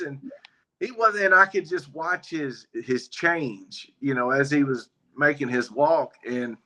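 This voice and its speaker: Bright-voiced man telling a biker story. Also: medium pitch, unhurried. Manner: folksy, relaxed, acts out quoted dialogue. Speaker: guest, biker ministry member. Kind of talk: casual storytelling interview.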